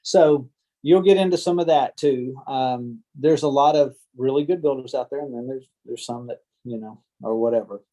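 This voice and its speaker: Over a video call, a land surveyor gives a casual training talk to a team of real estate agents, speaking at a moderate pace in a dark, medium-pitched voice. He is chatty and folksy, acting out angry homeowners' voices. He's at home or in an office, using a computer or headset mic, and the recording is low quality.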